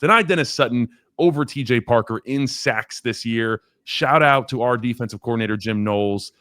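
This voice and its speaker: A man's voice: mid-range voice, moderate pace, fairly bright tone, no room sound, studio quality. A man who once played college football, chatting casually on a sports podcast, rambling, repeating words and laughing at his own stories. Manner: rambling, self-deprecating, laughs while telling stories. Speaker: former college offensive lineman, guest.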